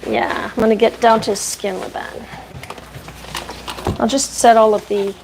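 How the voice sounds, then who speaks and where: A woman's voice: medium pitch, moderate pace, gravelly, background noise. A woman dog groomer chatting casually on a live stream, talking to the dog and her viewers while she works at the bath.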